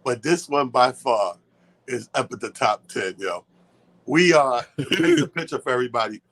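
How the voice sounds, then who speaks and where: A man of middling pitch co-hosts a talk radio show. He tells animated stories with plenty of cursing and speeds up when he gets excited. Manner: animated, swears freely, talks fast when excited. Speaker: radio co-host. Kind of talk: casual radio chat, storytelling.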